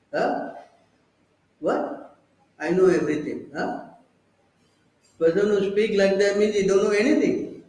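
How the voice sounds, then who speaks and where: A man's voice: sits high, reverberant, rough recording. A man giving a scripture class, preaching and prodding his listeners with rhetorical questions.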